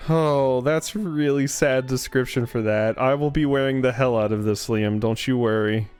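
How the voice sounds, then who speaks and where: A man's voice: mid-range voice, moderate pace, darkish tone, clear, resonant tone, soft background music. A man streaming a game live, chatting casually, reading lines of game dialogue aloud and swearing freely. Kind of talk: live gameplay commentary.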